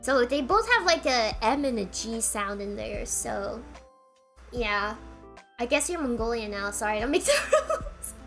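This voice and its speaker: A woman's voice: a little high, big pitch swings, unhurried, a bit bright, faint music behind. A woman streamer telling a rambling story in a casual, giggly way, full of filler words, with her throat getting tired. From United States.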